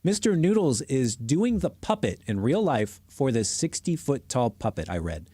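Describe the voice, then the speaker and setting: A man co-hosting a podcast, chatting casually about movies in an animated, joking, self-mocking way. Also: mid-range voice, moderate pace, slightly rough, no echo. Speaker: podcast co-host. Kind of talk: casual movie review chat.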